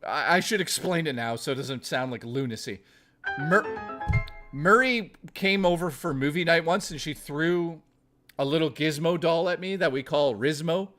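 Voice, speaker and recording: Profane, rambling streamer man with a higher voice. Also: normal speed, fairly bright tone, faint music behind. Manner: rambling, profane, joking storytelling with frequent restarts. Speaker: livestreamer talking to chat. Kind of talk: casual livestream chat.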